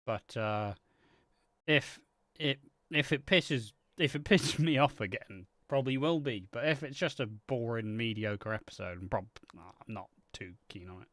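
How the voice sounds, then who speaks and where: A man with a middle-pitched voice chats casually while watching a soap with a friend, blunt and quick to swear. His voice sounds dry and close, with no room echo. He laughs easily between remarks. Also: a bit bright. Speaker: co-host reacting to a soap episode. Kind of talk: casual watch-party chat.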